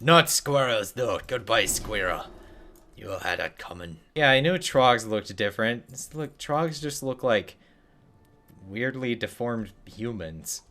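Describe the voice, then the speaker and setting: A man's voice: medium pitch, lively intonation, a little slow, bright, forceful tone. A young man streaming a game, giving casual commentary full of sarcastic jokes and muttered asides.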